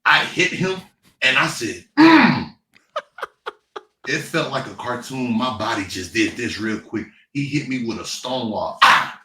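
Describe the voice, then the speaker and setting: A man in his thirties, a former pro football player, telling lively stories with laughs and playful trash talk in a casual interview. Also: medium pitch, a little slow. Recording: echoey room, distant mic, faint noise.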